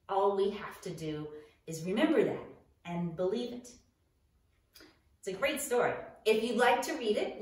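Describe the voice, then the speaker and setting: A woman church school teacher telling a Bible story to children in a playful, animated, dramatic way. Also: mid-range voice. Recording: very echoey room, far from the mic.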